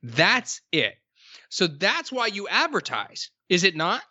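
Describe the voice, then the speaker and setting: Bright, emphatic man in podcast chat. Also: high voice, sing-song, no room sound, muffled recording. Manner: emphatic, storytelling, drawn-out stresses. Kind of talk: casual podcast conversation.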